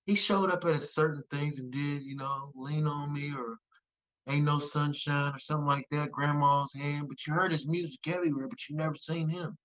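Laughing man from West Virginia, lively teller. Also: fairly high pitch, normal speed, highs cut off. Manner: animated storyteller, laughing often. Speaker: musician guest. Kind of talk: casual conversation.

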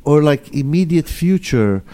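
Guy hosting a chat show, voice a bit on the high side, lots of uhs and restarts. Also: animated, a little slow, warm tone. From Israel. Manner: rambling, hesitant, full of fillers. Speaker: show host. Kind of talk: casual chat.

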